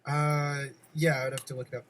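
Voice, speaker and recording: A man's voice: fairly high pitch, flat delivery, a little fast, fairly bright tone, a little hiss or hum. A man on the show staff answering the host in casual chat with brief, hesitant replies.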